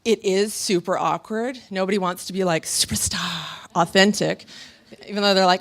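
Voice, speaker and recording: A woman in her thirties giving a motivational talk on stage before a live audience, telling stories with animated energy and laughter. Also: on the low side, fairly quick. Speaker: motivational speaker.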